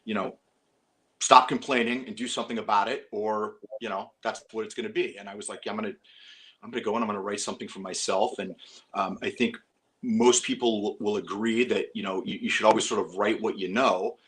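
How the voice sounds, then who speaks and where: A middle-aged man, an actor, talking casually in an interview, animated and full of restarts. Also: lowish voice, fairly quick. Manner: animated storytelling with frequent restarts. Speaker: actor guest.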